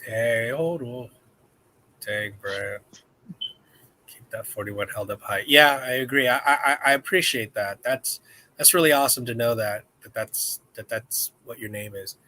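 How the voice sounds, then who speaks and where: A man's voice: medium pitch, measured pace, sharp tone, a little hiss or hum. A man hosting a casual live-stream chat, rambling and joking with viewers. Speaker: host.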